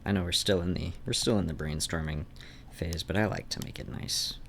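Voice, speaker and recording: Very deep gravelly man thinking aloud. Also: a little fast, a little hiss or hum. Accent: faint Canadian-like North Idaho. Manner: thinks aloud, trails off and restarts. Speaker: streamer. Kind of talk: rambling drawing stream. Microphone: desk mic.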